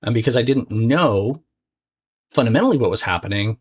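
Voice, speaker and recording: A man's voice: medium pitch, expressive, brisk, long pauses, slightly rough. A man teaching a recorded course lesson in a casual, conversational way. He swears freely and restarts his sentences often. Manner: speaks directly to the viewer. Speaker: trading course instructor.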